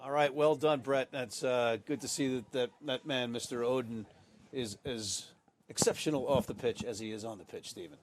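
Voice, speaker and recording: A man's voice: mid-range voice, normal speed, slight background noise. A man calling a college rugby broadcast as the play-by-play commentator, chatting with his partner and throwing to the sideline reporter. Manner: easygoing, hands off to the sideline.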